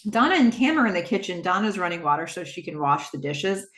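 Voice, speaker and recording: A woman hosting a podcast who retells a TV episode in a casual, animated way and acts out the characters' lines. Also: lowish voice, fast talker. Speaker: podcast host. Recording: roomy echo.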